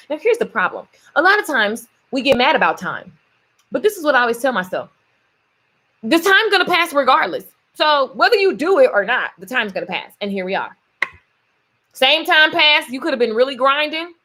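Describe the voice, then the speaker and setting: A woman with a fairly bright voice on the high side vlogs in a relaxed, playful way, telling stories and offering motivation. She laughs a lot while talking and slips into voices for quotes.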